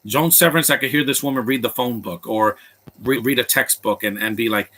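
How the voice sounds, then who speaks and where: A man's voice: mid-range voice, a little fast, pushed and bright. A man giving live, blunt and opinionated commentary over a movie, rambling from one aside to the next. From Latino background.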